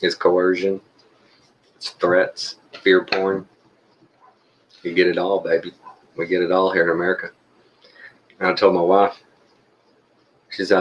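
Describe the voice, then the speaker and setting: A man's voice: sits low, flat delivery, a little slow, pauses often, dull audio, a little hiss or hum. A middle-aged Texan man talking to his viewers in a folksy, rambling way, chuckling often. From Texas. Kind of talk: casual monologue to viewers.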